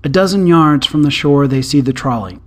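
A man narrating a short story aloud in a calm, even storytelling manner. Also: a little high, moderate pace.

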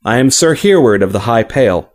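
A man's voice: medium pitch, expressive, darkish tone, natural voice. A man voicing a courteous, formal knight. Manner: formal, measured and polite.

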